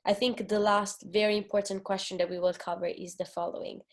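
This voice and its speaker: A woman's voice: mid-range voice, little pitch movement, brisk. A woman moderating a video call panel, polite as she wraps up and reads a final question.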